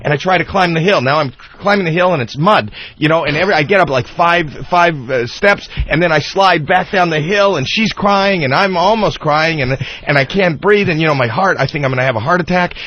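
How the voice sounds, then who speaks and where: A man guesting on a talk radio show, telling a comic story in an excitable, rambling way full of restarts. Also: fairly high pitch, brisk, few pauses. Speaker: guest comedian. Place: radio studio. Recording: muffled radio broadcast.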